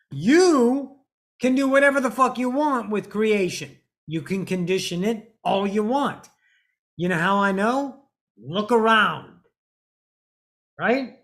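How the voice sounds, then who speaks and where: A woman talks through a spiritual monologue in a blunt, preachy way, with swearing mixed in. She slows down and leans on key words to drive a point home, like a teacher addressing her followers. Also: mid-range voice. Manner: emphatic, drawn-out stresses.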